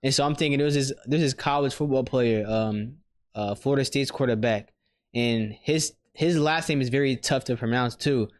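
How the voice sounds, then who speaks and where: A man co-hosting a podcast in casual chat, ranting with loose, animated outrage and plenty of swearing. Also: medium pitch, moderate pace. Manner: animated, swears freely, rants with mock outrage. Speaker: podcast co-host.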